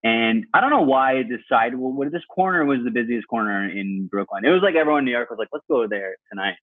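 A man as a podcast guest, telling stories in animated casual chat and swearing freely. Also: medium pitch, fast talker, no echo. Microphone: AirPods on a video call. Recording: tinny dry earbud-mic line.

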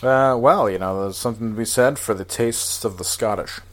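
A man's voice: on the low side, fairly quick. A man co-hosting a podcast in casual chat, jokey and profane, laughing often and restarting his sentences. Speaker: podcast co-host.

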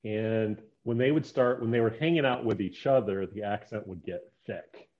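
A man from the upper Midwest hosting a casual interview, asking rambling questions with a joking, animated manner. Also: lowish voice, normal speed, dull audio. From upper Midwest near Minnesota. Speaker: interview host.

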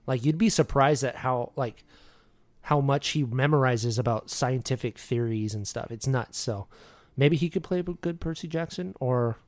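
A man's voice: medium pitch, normal speed. A man co-hosting a podcast, rambling through opinions with jokey asides. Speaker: podcast co-host. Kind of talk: casual chat.

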